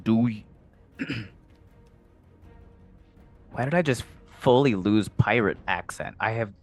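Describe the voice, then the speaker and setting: Slow low-voiced male game master. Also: animated, faint music behind. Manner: slow, low-key narration with put-on character voices. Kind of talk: narrating a tabletop game.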